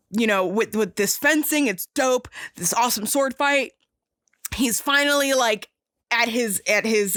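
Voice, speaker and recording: A young woman hosting a podcast, casually and excitedly retelling a movie scene with lots of swearing and fillers. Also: on the high side, dry recording, studio quality. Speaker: podcast host.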